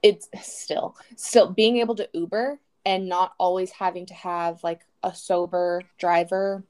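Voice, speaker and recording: A woman's voice: on the low side, fairly even intonation, unhurried, a little mellow, clear, resonant tone. A young woman co-hosting a podcast, chatting casually and rambling with many fillers. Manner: rambling with many likes and restarts. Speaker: podcast co-host. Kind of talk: casual chat.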